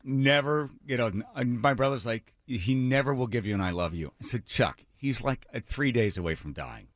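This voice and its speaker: A man's voice: mid-range voice, normal speed, dry recording. A man hosting a radio talk show, telling a personal story and acting out what others said. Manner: animated, acts out quotes of others. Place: radio studio.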